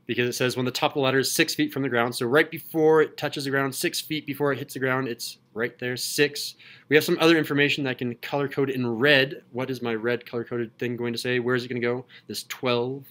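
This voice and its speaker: A man's voice: medium pitch, fairly even intonation, fairly quick, fairly bright tone. Man, math teacher, upbeat and jokey, asks his class questions.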